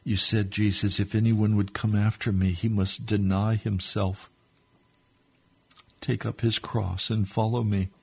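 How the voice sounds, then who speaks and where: Radio preacher, male, husky and gravelly, fervent pleading prayer delivery. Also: fairly low pitch, level tone, measured pace, a little mellow. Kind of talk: sermon prayer.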